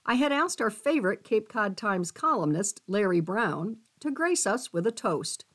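A woman reading a local newspaper column and obituaries aloud for a radio reading service, with expressive delivery. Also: medium pitch, moderate pace. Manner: expressive reading, voicing quotes. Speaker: volunteer newspaper reader.

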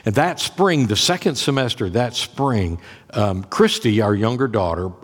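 A man's voice: medium pitch, lively intonation, measured pace. A man preaching as pastor, telling a personal story in a conversational way, often repeating and restarting words. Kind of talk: sermon storytelling. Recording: long reverb of a church.

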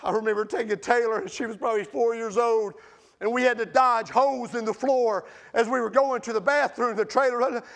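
A man preaching a sermon with passion, swinging between loud outbursts and hushed storytelling. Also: very high-pitched, steady tone, fairly quick.

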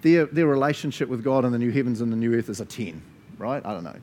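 A man's voice: medium pitch, animated, fast, a little mellow, a little hiss or hum. A man preaching a sermon as a pastor, earnest and conversational, laughing often between asides.

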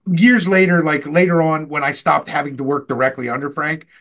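A man's voice: on the high side, fairly even intonation, fairly quick, a bit bright. A man hosting a podcast, telling rambling, profane stories about an old job and laughing often. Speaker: podcast host. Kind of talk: casual storytelling chat.

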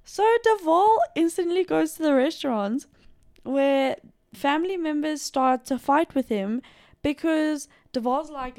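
A woman's voice: sits high, a little slow, darkish tone, no echo, clean studio sound. A young South African woman narrating a true-crime case in a casual, chatty podcast style with lots of asides. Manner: chatty, filler-heavy storytelling with asides.

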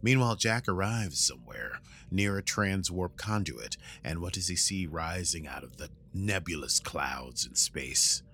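A man hosting a casual recap chat, rambling through the story and acting out quotes in goofy voices, with a morning voice that is still warming up. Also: low voice, lively intonation, moderate pace, a little hiss or hum. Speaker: podcast host recapping an episode.

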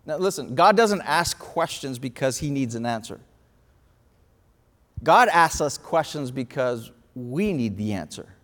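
A man preaching a sermon, telling a story with lively acted-out quotes. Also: medium pitch, a little slow. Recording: reverberant hall.

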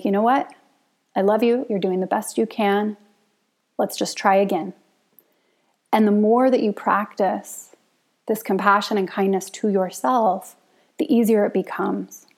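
A woman yoga and Ayurveda teacher giving a reflective talk in a gentle, unhurried way, laughing often as she speaks. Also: mid-range voice.

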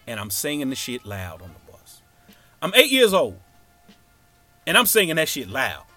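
A man's voice: medium pitch, moderate pace, pauses often, dry recording, faint music behind. A man telling a childhood story as stand-up comedy, acting out each character. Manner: animated, acts out every character.

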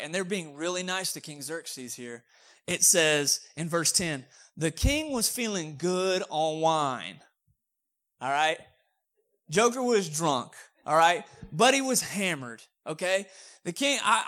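A man's voice: fairly high pitch, sharp tone. A man preaching a sermon in a casual, joking, conversational way. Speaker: pastor.

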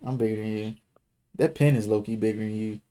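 A man co-hosting a relaxed couples podcast. He teases his partner and swears freely, often laughing between lines. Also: lowish voice, fast. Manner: teasing, profane, laughs often. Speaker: podcast co-host. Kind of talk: casual chat.

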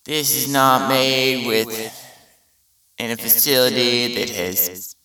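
A man's voice: medium pitch, steady tone, slow pace, bright, forceful tone, recorded from a distance. A man hosting a comedy podcast, rambling through a profane, incredulous monologue. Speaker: podcast host.

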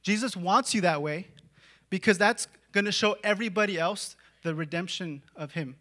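A man preaching a sermon in a conversational way, full of "like" and "right?", dropping to a hush and then rising to shouts. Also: high voice, moderate pace. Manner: dramatic swings from hushed to shouting.

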